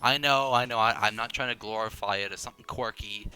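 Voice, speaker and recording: Young male gamer, fairly low voice, scattered and self-mocking chatter over faint game music. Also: steady tone, bright, forceful tone. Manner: rambling, self-deprecating, quick restarts and tangents. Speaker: gaming video creator. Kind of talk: casual gameplay commentary.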